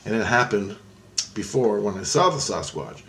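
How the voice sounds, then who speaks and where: A man casually recounting a story in a vlog, excitable and profane, switching into a raised voice when quoting people. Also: on the low side, moderate pace, noisy background. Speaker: vlogger.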